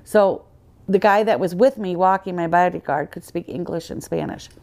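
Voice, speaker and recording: A woman's voice: lowish voice, moderate pace, gravelly, a little mellow. A woman guest on a podcast, earnestly telling her personal faith story in conversation and acting out the dialogue she quotes.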